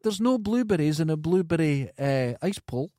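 A Scottish man co-hosting a podcast, chatting casually and telling lively stories, often imitating other people. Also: a little high, moderate pace, no echo, clean studio sound. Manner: animated storyteller, imitates others. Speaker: podcast co-host. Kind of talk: casual chat.

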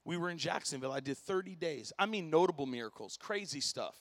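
Man, pastor, impassioned sermon, casual slang, bright sharp tone, long church reverb. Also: on the high side, lively intonation, fast. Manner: impassioned, storytelling, rising to shouts; casual slang like dude and bro. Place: church sanctuary.

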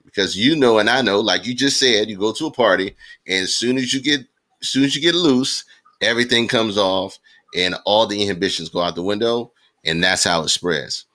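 A man co-hosting a casual podcast, talking in an emphatic, animated way and repeating phrases for effect. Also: fairly low pitch, a little fast. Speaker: podcast co-host.

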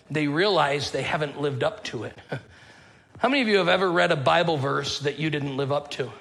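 A man's voice: mid-range voice, a bit bright, low-quality recording. A man preaching a sermon as pastor, talking in a loose, conversational way and joking as he tells stories. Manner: conversational, joking storyteller with a casual drawl.

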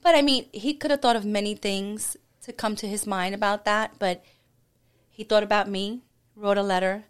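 A woman's voice: medium pitch, steady tone, normal speed, clear, resonant tone. A woman in casual chat, earnestly telling a story about her partner. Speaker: podcast guest, partner of a host.

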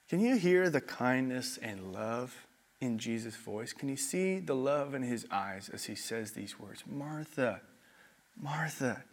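A young adult man preaching a sermon, telling stories and acting out quoted voices. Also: medium pitch. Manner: animated storytelling, acts out quoted voices. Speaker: pastor.

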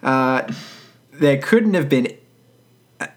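A man casually reading a story aloud, breaking off for wry, deadpan comments. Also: mid-range voice, slow pace. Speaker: podcast co-host reading fan fiction.

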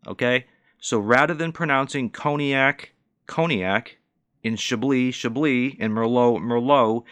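A man's voice: mid-range voice, fairly bright tone, no room sound. A man in his forties, a bartender, ranting in a profane, indignant and mocking way. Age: 40s. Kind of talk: ranting monologue.

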